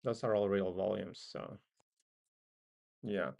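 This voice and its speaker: A man's voice: on the low side, steady tone, slow, gravelly, a little mellow. A man with a non-native English accent hosts a casual live trading stream. He muses and thinks aloud with frequent ums. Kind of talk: casual live market commentary.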